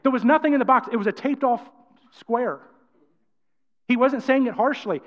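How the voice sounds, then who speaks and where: A man's voice: very high voice, a little fast. A man preaching a sermon with energy and emphasis, often acting out quotes. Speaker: pastor. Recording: dull sound, long church-hall reverb.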